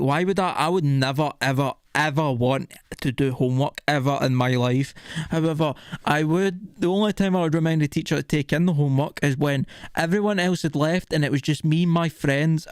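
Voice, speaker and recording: A young man delivers an exasperated comedic rant, heavy with swearing. His voice sits a little high, and he keeps slipping into mocking impressions of other people. The sound is dry and close, with no room echo. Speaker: vlogger.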